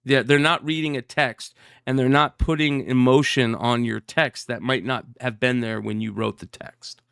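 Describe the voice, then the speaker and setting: A man in casual podcast chat, his voice smooth and resonant in a dry, close sound. He talks unhurriedly, stopping and restarting, with plenty of fillers. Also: medium pitch, steady tone, fairly bright tone, dry recording. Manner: slow, hesitant, with many fillers and restarts. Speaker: podcast co-host.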